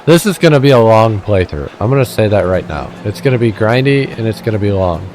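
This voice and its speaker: Casual gamer man, frank and unhurried. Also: on the low side, a little hiss or hum. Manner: relaxed, frank, swears, many filler "uh"s. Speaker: let's play host. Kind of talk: casual gameplay commentary.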